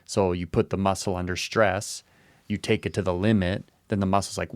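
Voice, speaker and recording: A man's voice: sits low, level tone, moderate pace, clear, resonant tone, dry recording. A man co-hosting a podcast who muses in casual talk and repeats short phrases as he works through an idea. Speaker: podcast co-host. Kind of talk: casual reflective chat.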